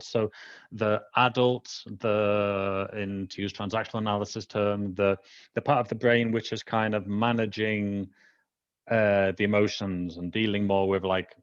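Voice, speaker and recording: A man's voice: lowish voice, no echo. A man hosting a casual conversation, rambling with many fillers over dull video-call audio. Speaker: host.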